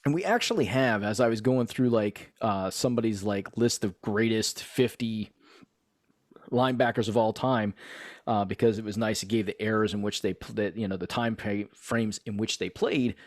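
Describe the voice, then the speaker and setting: A man's voice: on the low side, moderate pace, no room sound. Dry-sounding middle-aged male podcast host. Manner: steers the talk, rambling, casual swearing. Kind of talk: casual chat.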